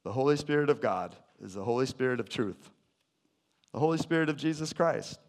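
Male pastor, lively jokey sermon delivery, sudden loud bursts, mid-pitched voice. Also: a little fast.

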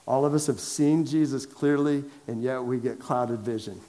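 A man preaching to a large church congregation, conversational and lively, asking them direct questions and raising his voice for emphasis. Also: mid-range voice, moderate pace. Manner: lively and conversational, swings from quiet asides to loud emphatic calls. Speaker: pastor. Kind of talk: sermon. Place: large church sanctuary with a downstairs.

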